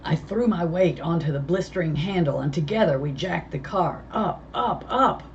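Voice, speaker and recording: Low-voiced lady reading a chapter book aloud, takes her time, muffled recording with a little hiss. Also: expressive. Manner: measured, unhurried reading with small stumbles. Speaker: reader. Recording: dull lo-fi with faint hiss.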